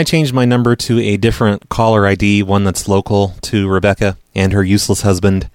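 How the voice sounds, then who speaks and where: A man hosting a prank call show, telling the story in a flat, provoking deadpan. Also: on the low side, fairly quick, smooth, dry recording, studio quality. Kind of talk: casual storytelling and prank calls.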